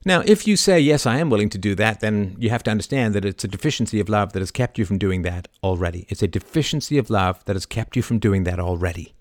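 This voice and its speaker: A middle-aged man with a low-pitched voice delivers an impassioned monologue as host of his own show. He veers between quiet, confiding asides and loud, emphatic bursts. The recording is dry and close, with no room echo. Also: lively intonation, quick pace, hardly any pauses. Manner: passionate, swings from soft to loud emphatic outbursts. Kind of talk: impassioned live-stream monologue.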